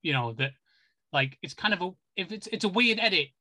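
A British podcast co-host with a bright, slightly high voice rambles casually through movie talk. He hesitates often, filling gaps with ums and likes. The recording is close and dry. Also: expressive, brisk, dry recording. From United Kingdom. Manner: chatty, hesitant, many fillers. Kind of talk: casual chat.

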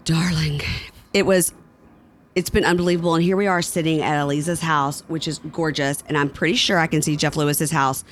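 A woman's voice: low voice, steady tone, a little fast. A woman guest on a casual podcast chat outdoors, wry and self-deprecating. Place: outdoors at a house.

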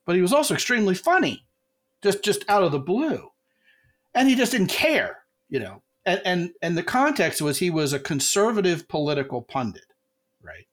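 A man hosting a podcast in casual chat, telling animated stories and acting out quotes in a raised voice. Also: a little high.

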